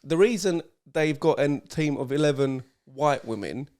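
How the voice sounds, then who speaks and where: A man's voice: a little high, expressive, measured pace, darkish tone. A young man co-hosting a podcast, telling rambling, sweary stories in casual banter and laughing often. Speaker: podcast co-host.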